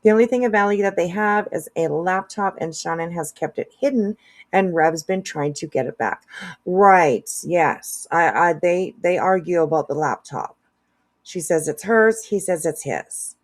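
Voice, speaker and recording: A woman's voice: lowish voice, lively intonation, normal speed. A woman casually commenting on clips during a live stream, chatty and laughing often.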